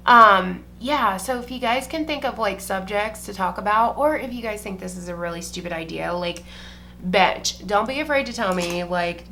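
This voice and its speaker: A young woman with a bright, forward voice chats casually to camera as she does her makeup. She rambles loosely, swears without a second thought and fills her talk with "like." A faint hum of noise sits under her voice. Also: medium pitch, moderate pace. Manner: chatty and profane, heavy use of "like". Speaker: beauty vlogger. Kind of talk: casual chat while doing makeup.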